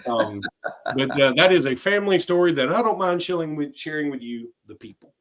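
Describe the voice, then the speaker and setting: A man's voice: on the high side, expressive, brisk, fairly bright tone. A man co-hosting a sports podcast, telling a rambling, anecdotal story full of restarts. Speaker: podcast co-host. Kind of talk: casual sports podcast chat.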